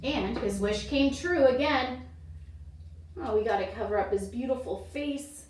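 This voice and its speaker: A woman's voice: a little high, a little slow. A woman teaching children's yoga through a story, guiding in an encouraging, sing-song way. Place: yoga studio. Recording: echoey room, voice from far off.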